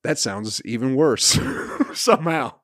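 Male podcast host, mid-pitch, swearing rant delivery, dead-dry close recording. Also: slow pace, no room sound. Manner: swearing, animated storytelling with laughs. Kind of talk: profane comedic rant.

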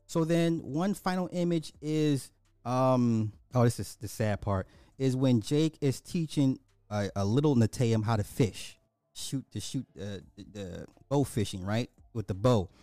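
A man giving an animated, emphatic casual recap of a movie, repeating himself for effect. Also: mid-range voice, measured pace, no room sound, clean studio sound. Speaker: movie reviewer.

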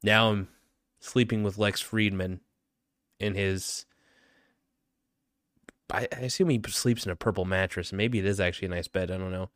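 A man's voice: low voice, steady tone, normal speed, pauses often, fairly bright tone, clear, resonant tone, no room sound, studio quality. A young man hosting his own podcast, rambling through a joking, self-mocking monologue full of fillers. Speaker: podcast host.

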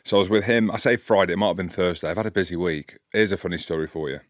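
A man in his forties, a podcast co-host and commentator, telling an animated story in casual chat, his voice rising sharply when he replays an argument. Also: rapid-fire, dry recording, clean studio sound. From Scotland. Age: 40s. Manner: animated anecdote, gets loud and high when quoting the argument.

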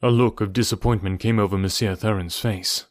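A man reading a novel aloud as narrator, in a measured, somber way. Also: lowish voice, steady tone, dry recording. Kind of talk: audiobook narration.

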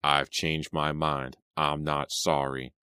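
A man's voice: rumbling low, flat delivery, takes it slowly, bright, forceful tone, smooth, no echo, clean studio sound, heavily acted. A man voicing a touchy, defensive teenage boy in an audiobook, with a curt, snapping delivery.

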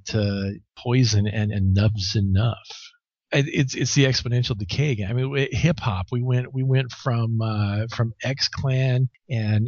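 Interviewed about his comics, a male artist talks casually and bluntly, rambling with plenty of restarts and swearing. His voice is fairly low, and the recording is dry, dull, and lo-fi with no echo.

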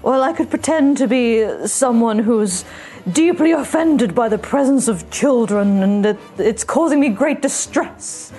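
A woman's voice: on the high side, expressive, unhurried, dark tone, faint music behind. A woman playing in a tabletop game, playful and a bit theatrical. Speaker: player. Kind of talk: tabletop role-play.

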